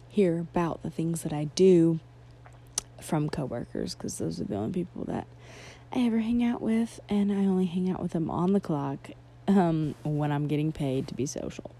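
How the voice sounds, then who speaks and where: A woman's voice: on the low side, dark tone. A young adult woman hosting a podcast, rambling from topic to topic in a self-deprecating comedic monologue with giggly asides. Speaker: podcast host.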